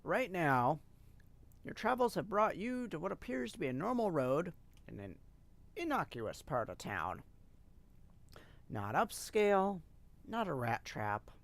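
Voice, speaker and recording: Slow, gravelly game-reading streamer. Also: mid-range voice. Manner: unhurried, expressive reading with asides. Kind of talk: reading a game's narration aloud on a live stream.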